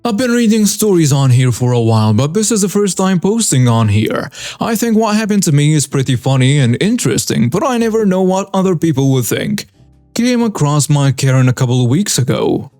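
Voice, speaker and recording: A man reading reader-submitted stories aloud in an even, storytelling delivery as a channel narrator. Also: on the high side, a little fast, no room sound, soft background music.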